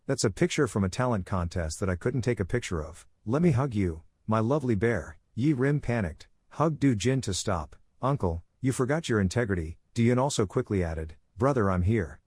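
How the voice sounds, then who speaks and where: A man narrating a comic story recap in a steady, scripted reading, speaking the dialogue and the action in the same even way. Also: on the low side, a little fast, hardly any pauses, breathy edge, dry recording, clean studio sound.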